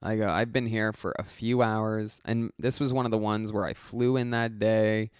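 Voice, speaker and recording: A male comedian telling a story as a podcast guest, animated, profane and exasperated. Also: fairly low pitch, moderate pace, clear, resonant tone, no echo, clean studio sound.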